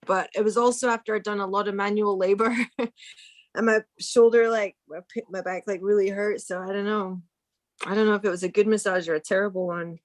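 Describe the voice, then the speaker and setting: A woman chats in an easygoing way, acting out what others said as she tells her stories. Her voice sits at an ordinary middle pitch. The sound is close and dry, with no room in it. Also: steady tone, fairly quick, dry recording. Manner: easygoing storyteller, acts out quoted lines. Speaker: podcast host. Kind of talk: casual chat.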